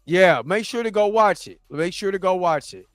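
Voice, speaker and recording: A laid-back man hosts a livestream and chats casually with his viewers, his voice sitting fairly high. He is recorded on a dry, close mic with faint music playing underneath. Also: lively intonation, normal speed, a bit bright, no echo. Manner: laid-back, chatty, often laughing and trying voices. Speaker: livestream host reading chat.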